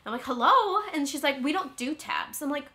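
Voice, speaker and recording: A woman's voice: high-pitched, fairly even intonation, brisk, a bit bright. A woman from California playing a ditzy, spoiled, rich young Valley Girl with a Valley Girl accent, talking in a comedic vlog monologue full of "like" and whiny uptalk. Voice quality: constant "like" fillers, airheaded whiny uptalk.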